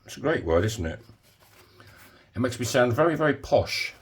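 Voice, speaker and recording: A man's voice: mid-range voice, sing-song, normal speed, breathy edge. A man giving a casual DIY tutorial in his home workshop, chatty and jokey with self-mocking asides. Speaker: coin ring maker.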